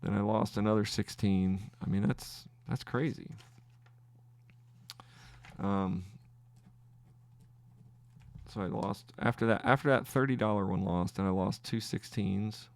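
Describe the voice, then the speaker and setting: Gravelly low-voiced man talking through trades. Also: darkish tone. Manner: thinking aloud, halting, counting trades. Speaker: trading podcast host. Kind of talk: live trading commentary.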